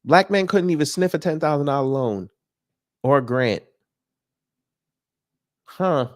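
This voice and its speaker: A man's voice: on the high side, expressive, measured pace. A man doing casual reaction commentary, talking back at a clip with sarcastic, mocking remarks.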